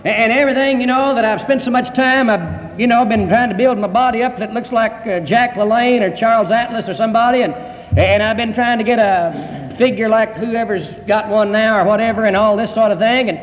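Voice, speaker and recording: A man's voice: high-pitched, a little fast, in a large hall, highs cut off, pitched above the performer's own voice, lightly acted. A man voicing a worried churchgoer who anxiously protests to the preacher. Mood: fretful. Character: fretful churchgoer dreading the end of the world.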